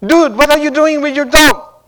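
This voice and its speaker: A man's voice: extremely high pitch, moderate pace, bright, forceful tone, voice pushed up. A man acting out an indignant scolding woman. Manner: scolding, accusing.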